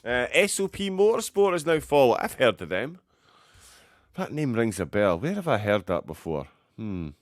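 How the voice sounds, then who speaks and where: A man's voice: mid-range voice, very animated, normal speed, no room sound, studio quality. A man commentating a sim racing event live, chatting and joking with a guest between race updates. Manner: chatty, jokey, banter-filled.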